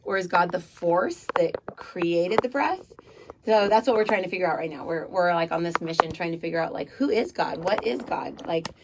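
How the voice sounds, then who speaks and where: Sex: woman. Role: radio host. Style: casual spiritual talk. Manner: rambling, animated, fillers. Pitch: lowish. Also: normal speed, heavy background noise.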